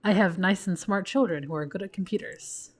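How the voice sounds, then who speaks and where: A woman voicing children pretending to be their dad in text messages, stiff and deadpan. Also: medium pitch, a little fast, lightly acted.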